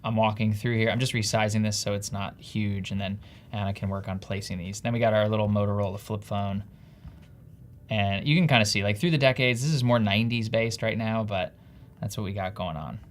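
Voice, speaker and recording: A man's voice: lowish voice, fairly quick, a little hiss or hum. A man with a New Jersey accent, co-hosting a casual live stream in an upbeat, chatty, self-deprecating way. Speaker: livestream co-host.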